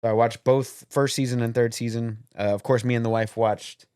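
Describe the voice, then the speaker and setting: A man's voice: medium pitch, flat delivery, fairly quick, a little mellow, clear, resonant tone, no echo. Rambling, cursing podcast guy, dry mic. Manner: rambling, swears a lot, searches for names. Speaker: podcast co-host. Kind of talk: casual chat.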